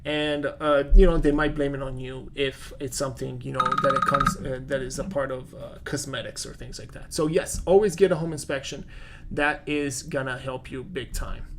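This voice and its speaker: A man's voice: mid-range voice, fairly even intonation, normal speed, noisy background. A man with a non-native English accent, a real estate agent hosting a casual live-stream Q&A, chatty and full of fillers as he answers viewer comments.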